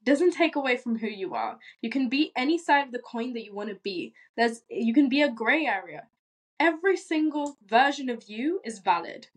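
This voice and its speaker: A young woman with a British accent, a podcast guest who talks in an animated, reassuring way and laughs easily. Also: on the high side, normal speed, breathy edge. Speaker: guest, content creator. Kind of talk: casual podcast conversation.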